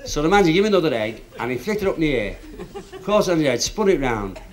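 A man telling quick jokes on stage to a live club audience. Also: on the high side, big pitch swings. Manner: brisk punchline-driven joke delivery. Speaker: stand-up comedian. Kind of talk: stand-up joke telling. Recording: archival live recording with crowd laughter and hiss.

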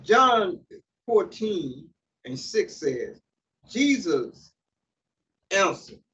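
Higher-pitched preacher reading and explaining scripture. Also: male voice, big pitch swings, extremely slow, pushed and bright. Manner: reads scripture aloud and stops to comment, with fillers and restarts. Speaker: pastor. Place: church sanctuary. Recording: distant mic, dull sound, faint hiss.

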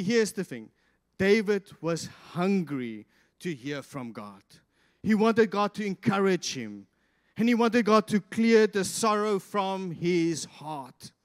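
A man preaching a sermon as pastor, swinging from loud, impassioned peaks to quiet asides. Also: high-pitched, clean tone. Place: church hall. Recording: reverberant church hall.

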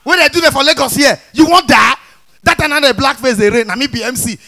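High, bright-voiced Nigerian man doing stand-up. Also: fast. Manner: animated storytelling with acted voices and shouts. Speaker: stand-up comedian. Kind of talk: stand-up comedy in pidgin.

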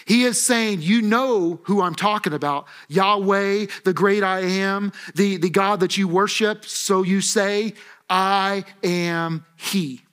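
A man with a notably high voice delivers a sermon. He preaches with animation and dramatizes the quoted lines, throwing himself into each voice. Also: fairly even intonation, slow pace, a bit bright. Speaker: pastor. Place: church auditorium.

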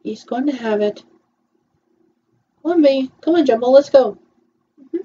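A woman's voice: high voice, measured pace, dark tone, husky, lo-fi sound. A woman casually commenting while she watches a film, often murmuring agreement between her remarks. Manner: chatty, with frequent murmured agreements. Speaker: viewer reacting to a film.

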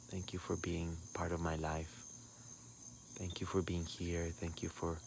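Slow deep gravelly man. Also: a little hiss or hum. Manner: soft, intimate, mixes in Spanish words. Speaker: spiritual livestream host. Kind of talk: slow heartfelt livestream sign-off.

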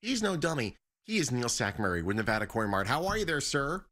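A man's voice: mid-range voice, very animated, brisk, a bit bright. A man hosting a morning TV talk show, chatting playfully and joking with a guest. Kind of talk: casual on-air chat.

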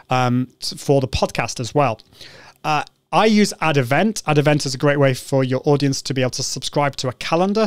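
British man, live-stream host, casual, upbeat, many restarts, smooth voice, dry sound. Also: mid-range voice, no echo. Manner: chatty, upbeat, frequent restarts and ums.

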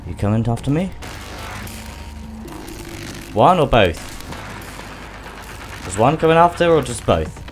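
A man's voice: low-pitched, big pitch swings, takes it slowly, creaky, long pauses. A man giving panicky, swearing commentary while playing a game and talking to it. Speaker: gamer. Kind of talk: gameplay commentary. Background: game music.

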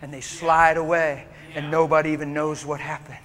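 A man's voice: on the high side, flat delivery, normal speed, a bit bright. A male preacher delivering an emotional, story-driven sermon in a church, acting out the people in his stories. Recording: long church reverb, faint background noise.

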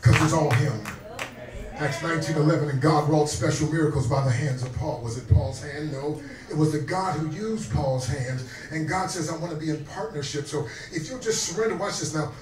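A man in his fifties preaching a sermon as pastor, swinging between soft asides and shouted exhortations that call out to the congregation. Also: a little high, fairly quick, crowd noise. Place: restaurant dining room. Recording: roomy echo, distant mic, faint music.

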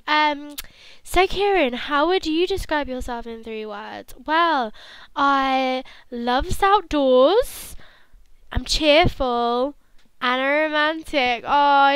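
A woman's voice: high voice, a bit bright, rough recording. A young woman commentating on a life-sim game in a sarcastic, playful, mock-blunt way. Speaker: gaming channel host.

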